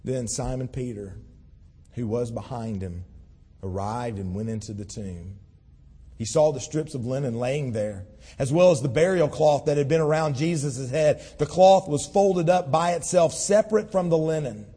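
Mellow-voiced male preacher in a reverberant hall. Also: medium pitch, normal speed, slightly rough. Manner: earnest, explanatory storytelling. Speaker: pastor. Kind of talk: conversational sermon with scripture reading.

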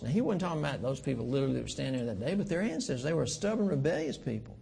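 A man in his fifties preaching a sermon in a church, folksy and earnest, slowing down for emphasis. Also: mid-range voice, animated, gravelly, dark tone, slightly rough. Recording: long hall reverb.

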